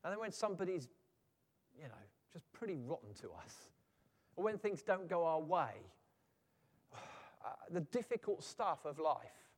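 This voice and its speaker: A man's voice: fairly high pitch, a little slow, long pauses. Guy preaching, voice goes all over the place, big hall echo. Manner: animated, acts out quoted voices. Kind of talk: sermon.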